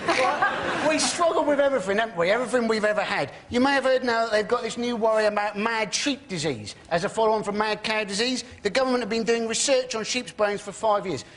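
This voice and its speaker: High-voiced ranting male comedian. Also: fairly quick, a bit bright. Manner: ranting, sardonic, acts out silly dialogue. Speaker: comedian panelist. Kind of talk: comedy panel show.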